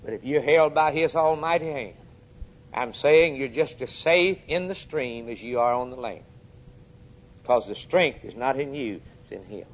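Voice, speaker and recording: A man preaching a sermon, swinging between urgent, raised peaks and quiet, low drops, and putting questions straight to his congregation. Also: animated, measured pace, muffled recording. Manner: addresses the congregation directly with questions.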